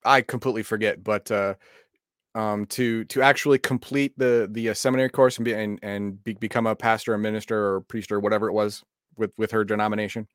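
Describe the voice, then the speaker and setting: A man's voice: on the low side, steady tone, fast talker, no echo, clean studio sound. Rambling man, casual explainer. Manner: rambling, many restarts and filler. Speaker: co-host.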